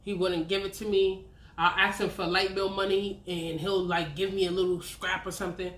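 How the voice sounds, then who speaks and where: A woman's voice: medium pitch, little pitch movement, normal speed, fairly bright tone. A woman, telling a candid, profane personal story on her vlog. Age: 30s. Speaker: vlogger. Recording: roomy echo.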